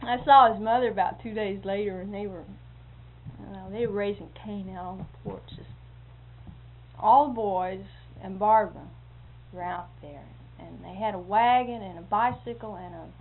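Woman telling folksy tales on tinny tape. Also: mid-range voice. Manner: chuckles often, rambling anecdotal telling. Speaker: storyteller. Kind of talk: folksy oral storytelling. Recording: tinny phone-like lo-fi tape with faint hiss.

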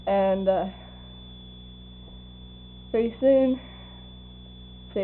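An older woman in an oral history interview recalls people, laughing often and acting out what they said with animated storytelling. Her voice is a little high and a little slow, on tinny lo-fi tape with a faint hum.

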